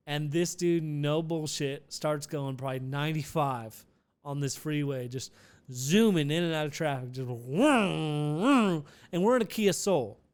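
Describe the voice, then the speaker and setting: Young male podcast host, smooth slightly high voice, rambling casual storyteller. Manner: rambling and animated, with frequent restarts and swearing.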